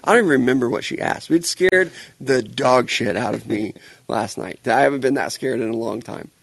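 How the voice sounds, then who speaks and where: A man in his thirties co-hosting a podcast with loose, joking chatter and plenty of swearing. His voice sits in a middle pitch. It is recorded close and dry, with no room sound. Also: a little fast, creaky, husky, dry recording. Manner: joking, storytelling, swears freely. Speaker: podcast co-host. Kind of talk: casual podcast banter.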